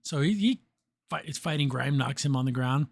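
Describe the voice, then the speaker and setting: A man's voice: medium pitch, lively intonation, normal speed, gravelly, dry recording. A man hosting a podcast, casually recapping a cartoon episode, laughing often and acting out the characters' lines. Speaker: podcast host.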